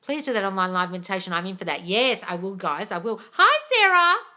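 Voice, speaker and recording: A woman's voice: on the low side, fast, pushed and bright. A woman coaching viewers on manifesting in a livestream Q&A, blunt and swearing freely while calling everyone darling. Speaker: manifesting coach answering live comments. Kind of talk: livestream Q&A reading comments.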